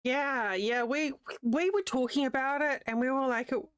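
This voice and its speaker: Crocheting on a livestream, a woman in her thirties rambles in casual chat and laughs readily. Her high-pitched, clean voice moves at a moderate pace, and her New Zealand accent carries a slight American Southern tinge. The recording is dry and studio quality.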